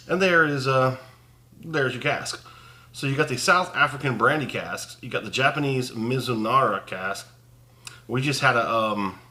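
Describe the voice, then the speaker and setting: A man hosting his own spirits review channel, talking casually and relaxed, thinking aloud and laughing at himself. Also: medium pitch. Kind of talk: casual on-camera review chat.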